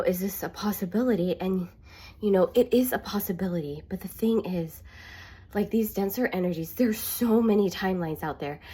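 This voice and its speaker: A woman's voice: on the low side, mellow, husky. A woman in a casual spiritual monologue, earnest and rambling, with many fillers. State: getting emotional. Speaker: spiritual vlogger.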